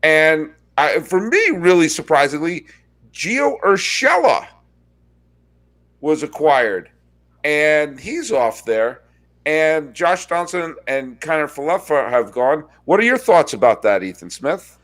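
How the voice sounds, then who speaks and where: A man hosting a sports podcast, chatting casually and telling wry stories with quick asides. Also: fairly high pitch, very animated, fairly bright tone. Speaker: podcast host.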